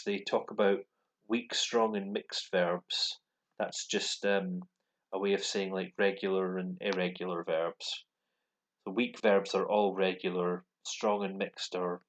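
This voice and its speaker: A man with a Scottish accent and a deep, low voice walks through language exercises. He talks casually and hesitantly, often pausing on um and restarting his sentences. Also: rough recording. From Scotland. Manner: hesitant, many ums and restarts. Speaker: language learner vlogger. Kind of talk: casual explanatory walkthrough. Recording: voice with computer speakers playing.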